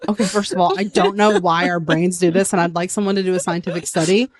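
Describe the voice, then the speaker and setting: A woman co-hosting a casual podcast chat, talking in an animated, dramatic way and poking fun at herself. Her voice sits a little low for a woman. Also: quick pace. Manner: animated, dramatic, self-mocking. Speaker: podcast co-host.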